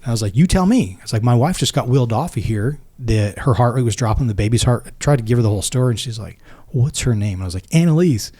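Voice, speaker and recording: A man's voice: mid-range voice, fast, warm tone, husky. A man in his forties, a military veteran and podcast guest, earnestly retelling a personal story and acting out both sides of each conversation.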